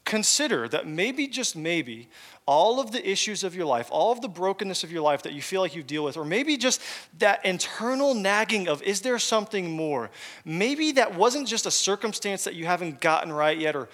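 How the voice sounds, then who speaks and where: High-voiced earnest man preaching. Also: very animated, normal speed. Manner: earnest and emphatic, dropping low and soft on key phrases. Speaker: pastor. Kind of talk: sermon.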